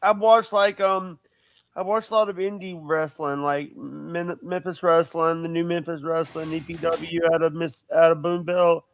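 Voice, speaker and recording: A man's voice: fairly high pitch, little pitch movement, moderate pace, no room sound. A man on a chat panel, talking eagerly and rattling off lists. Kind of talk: casual chat.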